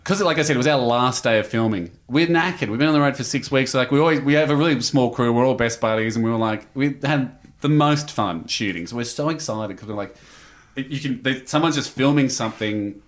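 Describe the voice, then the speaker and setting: A man's voice: mid-range voice, fairly quick. Man telling a rambling story. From Australia. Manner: rambling, animated storyteller acting out quotes. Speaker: podcast guest. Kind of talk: casual storytelling chat.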